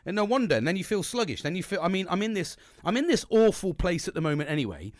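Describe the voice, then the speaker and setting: A man's voice: high-pitched, very animated, fast, no room sound. A man in his forties hosts a solo podcast with a somewhat raised voice. He rambles, swears constantly and pokes fun at himself. His voice sounds dry, with no room around it. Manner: rambling, heavy swearing, frank and self-mocking. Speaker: podcast host.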